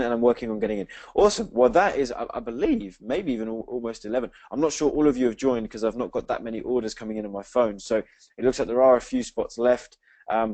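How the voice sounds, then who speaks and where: A man's voice: mid-range voice, a little mellow, dry recording. An English man co-hosting a live webinar, upbeat and reading out names from the chat. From England. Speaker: webinar co-host.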